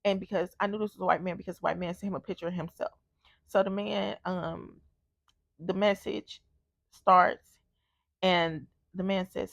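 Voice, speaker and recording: Gravelly-voiced woman telling a story. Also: on the low side, steady tone, normal speed, a bit bright, dry recording, clean studio sound. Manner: candid, blunt storytelling with frequent swearing. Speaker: vlogger. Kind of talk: casual storytime.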